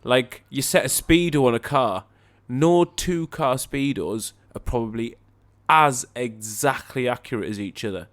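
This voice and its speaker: A man's voice: medium pitch, measured pace, few pauses, fairly bright tone. A man co-hosting a podcast, chatting casually in a blunt, sweary, argumentative way. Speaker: podcast co-host. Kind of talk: casual chat.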